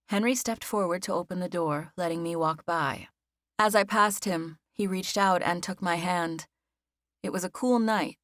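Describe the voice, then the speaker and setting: A woman reading a first-person novel as an audiobook narrator, with measured, even storytelling. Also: lowish voice, no room sound, studio quality.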